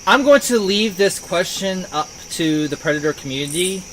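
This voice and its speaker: A high-voiced man chatting as a player at a tabletop game. He drifts into long, eager tangents. A faint hum sits behind his voice. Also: expressive, moderate pace, fairly bright tone, low-quality recording. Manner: rambling, enthusiastic tangents. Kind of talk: casual tabletop game chat.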